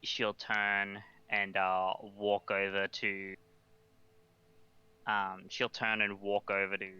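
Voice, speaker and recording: A man playing in a tabletop game who describes his character in a halting way, full of fillers. His low voice is bright and smooth. It comes through a dull, muffled mic. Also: monotone. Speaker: player. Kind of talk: casual tabletop play.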